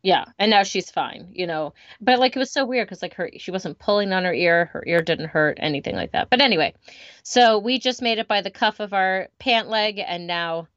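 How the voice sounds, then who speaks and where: A woman's voice: mid-range voice, animated, normal speed, fairly bright tone, no echo, muffled recording. A woman in her thirties telling stories in casual chat as a podcast co-host, acting out what people said. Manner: chatty, storytelling with quoted asides.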